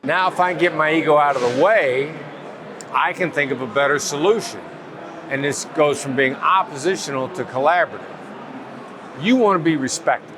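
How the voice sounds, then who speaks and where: Calm, measured man outdoors with traffic. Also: a little high. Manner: calm, measured, explaining patiently. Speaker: negotiation expert guest. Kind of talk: interview answers. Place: outdoors at a summit event.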